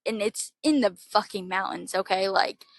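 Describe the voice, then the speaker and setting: A young woman from Florida telling a travel story in a casual, animated, heavily profane way. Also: mid-range voice, moderate pace, gravelly, dry recording. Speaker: podcast host.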